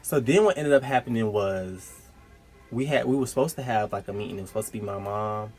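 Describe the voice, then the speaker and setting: A young man casually telling a personal story, animated and slangy, breaking into high-pitched quoted outbursts. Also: brisk, soft background music. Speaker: storytime vlogger.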